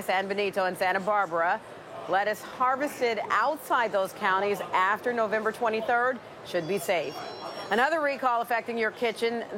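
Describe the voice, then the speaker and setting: A woman business reporter reading a scripted news report in a crisp, measured way. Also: mid-range voice, background noise.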